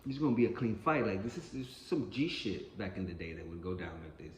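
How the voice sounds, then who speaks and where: A man's voice: fairly low pitch, big pitch swings, quick pace, darkish tone, slight background noise. Rambling, profane man in an echoey room. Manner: rambling, profane, repeats himself. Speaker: storyteller. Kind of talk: casual spoken storytelling. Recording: roomy echo, faint ambience.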